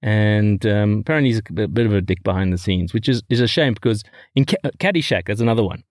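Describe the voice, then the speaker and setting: A man's voice: lowish voice, quick pace, a little mellow, no room sound. Podcast co-host guy, rambly casual chat, keeps laughing at his own bits, dead dry sound. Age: adult, married.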